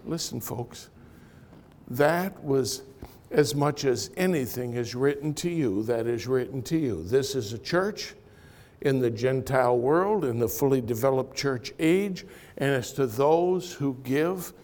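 A man preaching a sermon in church, swinging from loud punchlines to quiet, confiding asides as he tells stories. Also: mid-range voice, lively intonation, measured pace. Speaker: pastor. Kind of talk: sermon with storytelling.

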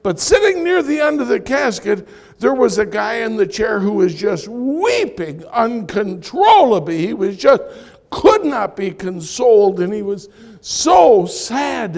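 A man preaching a sermon in church, swinging from loud punchlines to quiet, confiding asides as he tells stories. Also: high voice, big pitch swings, a little slow. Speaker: pastor. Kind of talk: sermon with storytelling.

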